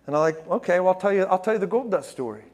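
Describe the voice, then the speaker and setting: Casting: man, preacher, raised voice, relaxed sermon storytelling with lots of ums. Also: sits high, rapid-fire. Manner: casual, many fillers, grows excited and loud in climaxes.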